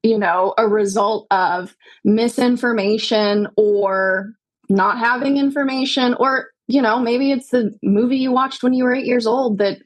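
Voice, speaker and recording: Woman, podcast guest, slightly higher voice, earnest, reflective, conversational. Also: unhurried, low-quality recording. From United States. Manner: earnest, reflective, tag questions. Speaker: podcast guest, yoga teacher and doula. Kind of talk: conversational interview.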